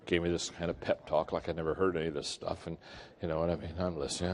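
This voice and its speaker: A man giving a leadership keynote, telling stories in an animated way and acting out the quotes. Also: deep voice, fast. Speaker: leadership speaker. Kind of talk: keynote storytelling. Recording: echoey hall.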